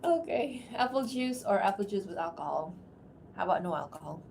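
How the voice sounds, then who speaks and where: A woman's voice: medium pitch, animated, a little fast, creaky, darkish tone, slight background noise. Chatty woman streamer who laughs often. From outside America. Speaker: streamer and voice actor. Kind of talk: casual livestream chat.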